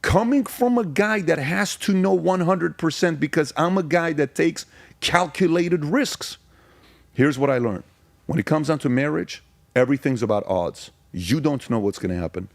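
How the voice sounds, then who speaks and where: A man's voice: fairly high pitch, animated, normal speed, creaky, no echo. A man in his forties from Iran, a podcast guest telling his story in an emphatic, casual way and firing off rhetorical questions.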